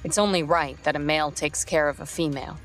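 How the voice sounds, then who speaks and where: A woman voicing a stoic young male eagle beastman in a storybook, speaking quietly, tersely and plainly. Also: low-pitched, fairly even intonation, fast talker, soft background music, lightly acted. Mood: calm.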